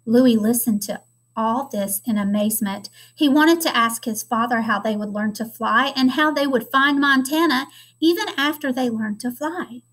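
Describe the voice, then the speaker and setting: A woman teacher reads a children's chapter book aloud in a fairly high voice. She tells the story expressively, with children as her listeners. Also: moderate pace, fairly bright tone. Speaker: elementary school teacher.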